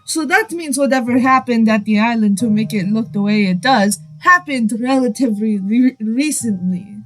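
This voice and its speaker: A woman's voice: a little high, expressive, moderate pace, a bit bright, faint music behind, rough recording. A woman voicing an older male rancher with a put-on Spanish accent, speaking earnestly and dropping in Spanish words.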